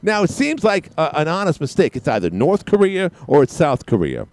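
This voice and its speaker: A man's voice: a little high, huge pitch swings, brisk, a little mellow. An older man hosting a talk radio show, rambling and sarcastic, with many fillers and restarts. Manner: sarcastic, ranting. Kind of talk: casual political talk radio monologue.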